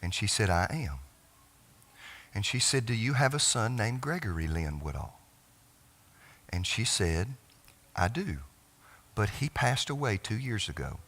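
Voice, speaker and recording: A middle-aged man preaching from the pulpit of a church, telling a family story. His voice sits low in pitch but has a bright, forward edge. He often restarts his phrases and lets them fade to a hush. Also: very animated. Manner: emotional storytelling, halting restarts, trailing off softly. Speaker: pastor. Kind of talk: sermon. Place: church sanctuary.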